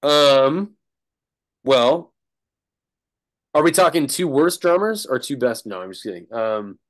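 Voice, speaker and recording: A man's voice: mid-range voice, lively intonation, takes it slowly. A man, a drummer as guest, telling a rambling story in casual chat, laughing and restarting often.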